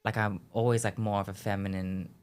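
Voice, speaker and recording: A man's voice: lowish voice, flat delivery, a little fast, smooth. Young man rambling with constant fillers. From Perth, Australia. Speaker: guest, fashion designer. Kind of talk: casual chat.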